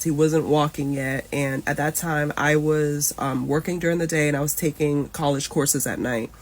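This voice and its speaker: A woman in her thirties telling an emotional personal story in a casual storytime. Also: sits low. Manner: emotional, animated retelling.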